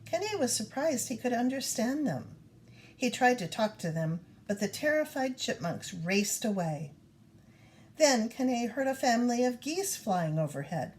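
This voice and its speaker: Animated woman reading a storybook. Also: fairly high pitch, measured pace. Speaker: reader. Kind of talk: storybook read-aloud.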